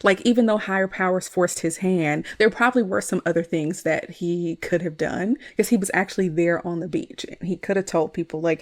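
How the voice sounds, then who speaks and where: In a relaxed movie-review chat on her podcast, a woman laughs frequently and leans heavily on "like." She talks a little fast in a fairly low voice.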